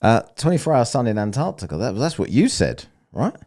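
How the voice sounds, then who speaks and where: A man's voice: medium pitch, big pitch swings, brisk, a little mellow. A man giving sarcastic, profane commentary on a clip he is reacting to. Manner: mocking, profane, sneering.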